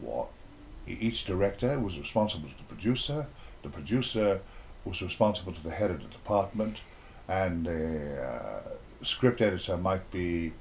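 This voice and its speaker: A man's voice: low voice, expressive, normal speed, creaky, darkish tone, slight background noise. An older man, an actor being interviewed, reminiscing in a rambling, playful way and acting out little exchanges as he tells them.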